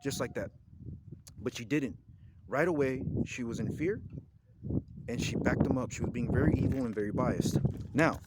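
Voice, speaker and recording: An agitated man vents a long complaint straight to camera in a middle-pitched voice. He circles back on the same points, swearing and sounding indignant throughout. Steady background noise and passing vehicle sounds sit under his voice. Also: moderate pace, long pauses. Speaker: vlogger filing a complaint. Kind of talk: angry rambling complaint to camera.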